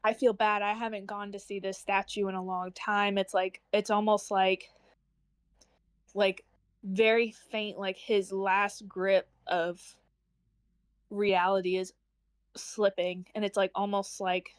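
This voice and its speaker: A woman's voice: medium pitch, flat delivery, slow pace, smooth. Young woman gushing about a book on a stream, lots of "like", acts out the lines. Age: young adult. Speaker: book club co-host. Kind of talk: casual book discussion.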